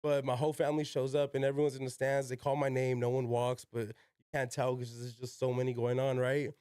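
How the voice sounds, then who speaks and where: Brief: young adult man, podcast guest, clear resonant voice, dry close sound, loose slangy storytelling with cursing. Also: mid-range voice, flat delivery, fairly quick, dark tone, no echo. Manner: slangy, peppered with "yo" and "like", swears freely. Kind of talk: casual storytelling.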